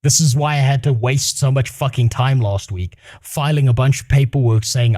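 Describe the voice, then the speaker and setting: A man's voice: medium pitch, fairly even intonation, moderate pace, few pauses, a little mellow. Swearing, heated male streamer. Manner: profane, heated, swears constantly. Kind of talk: casual storytime rant.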